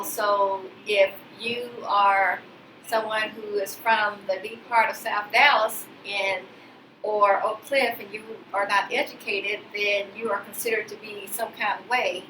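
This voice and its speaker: A woman's voice: medium pitch, fairly even intonation, a little slow. A woman speaking on a panel, thinking aloud with hesitations and laughing often. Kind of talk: panel discussion. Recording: roomy sound from a distant mic, faint noise.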